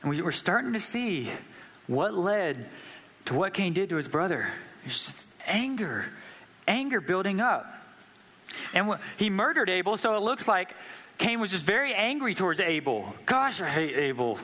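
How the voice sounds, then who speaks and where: A man preaches a sermon in a casual, conversational way, putting questions to his congregation. His voice is fairly high and bright. It echoes with a long reverb through a church hall. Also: sing-song, normal speed. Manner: conversational, asks the audience questions.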